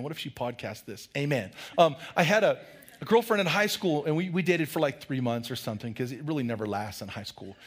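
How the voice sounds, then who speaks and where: A middle-aged man, a pastor, preaching a lively sermon with loud, humorous storytelling. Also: medium pitch, husky.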